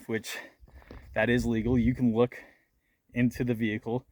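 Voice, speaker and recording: A man's voice: mid-range voice, level tone, moderate pace, long pauses. A young man telling a story while hiking outdoors on a rocky trail, laughing often and out of breath. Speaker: vlogger. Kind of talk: casual storytelling vlog.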